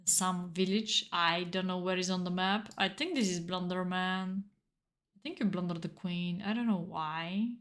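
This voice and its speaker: A woman from Bulgaria with a Bulgarian accent, chatting earnestly and emotionally on a live chess stream while playing blitz, in halting non-native English. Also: on the low side, steady tone, fairly bright tone. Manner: earnest and encouraging, with broken non-native phrasing.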